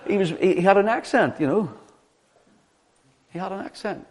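A man preaching a sermon, teaching from the Bible in an animated way and often asking the listeners rhetorical questions. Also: on the high side, brisk, pauses often.

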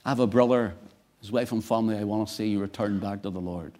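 Male preacher, mellow dark voice, quiet then suddenly loud and emphatic. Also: lowish voice, fast. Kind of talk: sermon.

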